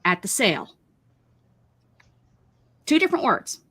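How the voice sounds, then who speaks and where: Brief: woman host, rambling casual chat, emphatic rants, very lively pitch. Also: a little slow, breathy edge. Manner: rambling, emphatic, ranting about pet peeves. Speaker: craft livestream host.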